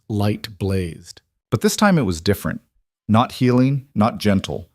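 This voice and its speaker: Man reading a dark fantasy story, lowish voice, dry close sound, short punchy lines. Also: dry recording. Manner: measured, clipped dramatic phrasing. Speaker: audiobook narrator. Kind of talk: dramatic scripted narration.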